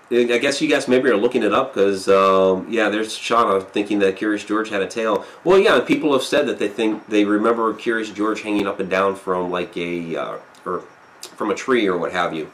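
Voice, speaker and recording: A man with a somewhat low voice talks casually to his live audience. He rambles, pauses on fillers and reacts to viewer comments as he reads them. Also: a bit bright. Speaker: live stream host.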